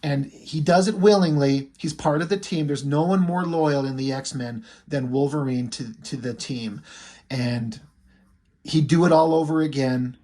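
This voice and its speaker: Husky-voiced man chatting casually about comics. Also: on the high side, measured pace, warm tone. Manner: loose and profane, thinking aloud; admiring, lingers on the art. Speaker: comic book reviewer.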